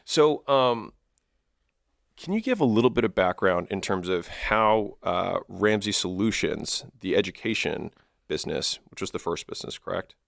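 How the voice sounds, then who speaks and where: A man's voice: deep voice, lively intonation, moderate pace, creaky, no room sound, studio quality. A man hosting an interview, asking questions in a casual, hesitant way. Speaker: interview host.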